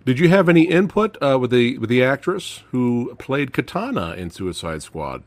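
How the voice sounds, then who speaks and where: A man's voice: mid-range voice, big pitch swings, moderate pace, no echo. A man co-hosting a podcast, asking questions in an enthusiastic, casual way with short affirmations. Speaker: podcast co-host.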